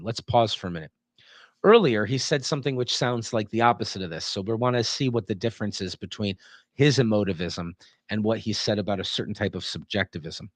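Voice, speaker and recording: A man's voice: fairly low pitch, a little fast, dry recording. A man lecturing on a text, explaining it and checking in with rhetorical questions. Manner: acts out example sentences in changing tones. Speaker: philosophy lecturer.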